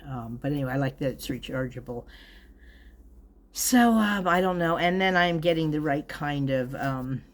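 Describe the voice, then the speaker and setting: A woman's voice: deep voice, animated, normal speed. A woman vlogging from home, giving a chatty, rambling product review, often breaking off mid-sentence and chuckling.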